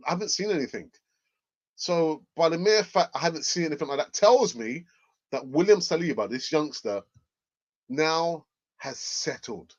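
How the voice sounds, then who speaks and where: A young man hosting casual football news commentary, animated and laughing often as he reacts. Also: fairly high pitch. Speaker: football channel host. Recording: dull lo-fi audio.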